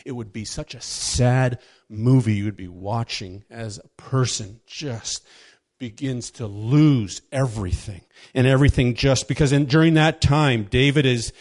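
A man preaching a casual sermon, telling a story with quick voiced asides and chuckles. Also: medium pitch.

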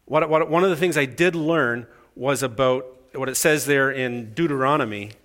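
A man's voice: medium pitch, normal speed, a bit bright. A middle-aged man from Canada preaching a sermon in a conversational, self-deprecating way, telling stories and acting out the voices in them. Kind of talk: sermon with storytelling.

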